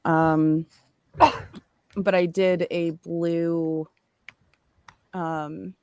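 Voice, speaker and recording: A woman's voice: on the low side, level tone, extremely slow, darkish tone, smooth, no echo, clean studio sound. A woman co-hosting a casual livestream, rambling and correcting herself as she talks. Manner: rambling, self-correcting, giggly. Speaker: livestream co-host. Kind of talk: casual chat.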